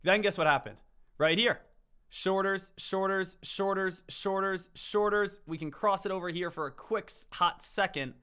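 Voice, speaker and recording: A high-pitched, bright male voice calling live stock trades. He chants words over and over and swings between loud hype and forced calm. His tone stays tense and forceful. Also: normal speed, clean tone. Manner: hyped, repetitive chanting, swings from shouting to calm. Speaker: stock trading streamer. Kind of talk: live trading commentary.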